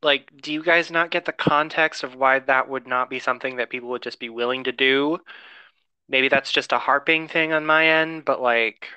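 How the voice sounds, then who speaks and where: A co-host cutting in with dry, pointed remarks during a casual chat. The voice is bright and crisp, and the recording is close and dry. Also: medium pitch, steady tone, normal speed, dry recording, muffled recording. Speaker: podcast co-host.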